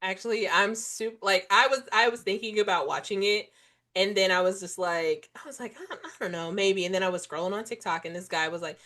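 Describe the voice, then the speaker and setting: A woman's voice: mid-range voice, fairly quick. Chatty young woman podcast host. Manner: chatty, expressive, acts out quoted dialogue. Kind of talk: casual chat.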